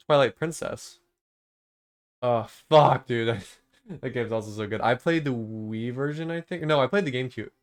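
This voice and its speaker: A young man chatting live on his stream, rambling and restarting his sentences with lots of "like" and "um". His voice is smooth and clear at an ordinary pitch, and he jumps into sudden swearing bursts of enthusiasm. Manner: enthusiastic, full of fillers and restarts, swears when excited. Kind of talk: casual rambling stream chat.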